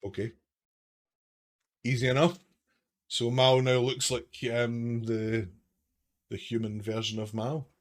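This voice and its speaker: A man's voice: medium pitch, monotone, slow pace, pauses often. A man narrating a tabletop game as game master, with a hesitant, filler-laden way of talking. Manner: hesitant, many repeated fillers.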